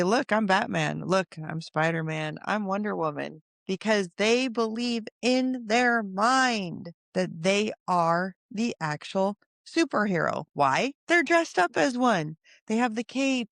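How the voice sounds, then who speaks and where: A woman hosting her own podcast, telling stories in an animated way and acting out the voices of the people in them. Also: medium pitch, creaky, no room sound, studio quality. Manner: animated, acts out quoted voices. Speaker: podcast host. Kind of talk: solo podcast storytelling.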